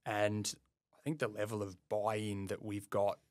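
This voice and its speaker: A man with an Australian accent in casual podcast chat, relaxed and self-deprecating, rambling with restarts. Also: on the low side, measured pace, no room sound. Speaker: podcast co-host, plumbing business owner.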